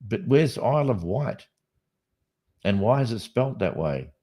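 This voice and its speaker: Aussie guy hosting a podcast, lowish voice, chatty and jokey, kinda rambly. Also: very animated, measured pace. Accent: Australian. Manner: rambling, jokey, thinks out loud. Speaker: podcast host. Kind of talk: casual late-night podcast chat.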